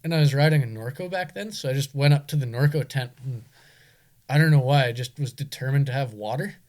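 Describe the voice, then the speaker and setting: A man's voice: mid-range voice, fast, darkish tone. A young man, a guest telling stories in a laid-back way, often saying "like". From Canada. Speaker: guest, enduro racer. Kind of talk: casual chat.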